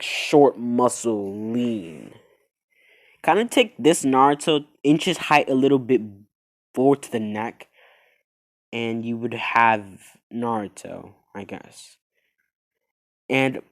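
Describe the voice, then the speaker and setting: Rambling man telling a fan story. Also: medium pitch. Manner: meandering, halting, with fillers. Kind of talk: improvised fan story narration.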